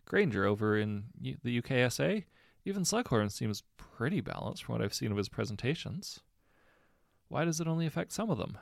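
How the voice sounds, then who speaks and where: A man voicing a worried middle-aged scientist who speaks carefully and wearily, with a low, gravelly voice. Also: big pitch swings, brisk, no room sound, clean studio sound. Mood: cautious. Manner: careful, weary.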